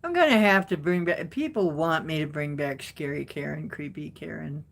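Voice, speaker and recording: A woman hosting a casual live stream, chatting with viewers and answering their comments in an unhurried way with frequent laughs. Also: deep voice, creaky.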